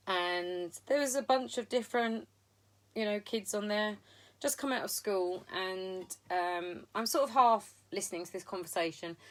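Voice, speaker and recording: Middle-aged woman, candid live video diary, blunt and sweary, rambling with ums, mid-pitched voice. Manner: frank and sweary, talks in loose run-on sentences with many ums. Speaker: video diarist. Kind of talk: candid live-stream storytelling.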